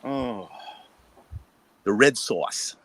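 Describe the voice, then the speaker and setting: A man's voice: mid-range voice, animated, drawn-out words, fairly bright tone. A man hosting a casual video-call chat, telling jokey stories and laughing often. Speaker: host.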